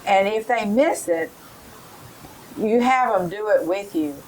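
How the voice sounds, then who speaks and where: A middle-aged woman giving a teacher training lesson, explaining in a slow, careful way and modelling rhyming drills for children. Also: medium pitch, lively intonation, a little mellow, slight background noise, poor audio.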